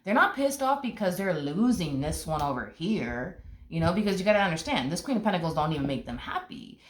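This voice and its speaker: A woman's voice: on the low side, very animated, a little fast, slight background noise. A woman giving a casual tarot reading, blunt and emphatic, repeating her points and swearing freely. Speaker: tarot reader. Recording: roomy echo.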